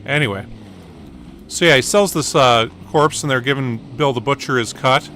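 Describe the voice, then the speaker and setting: Guy chatting while he plays a game, bright kinda sharp voice, rambles with lots of uhs, faint game noise behind. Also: medium pitch, moderate pace. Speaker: gaming channel host. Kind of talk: casual gameplay commentary.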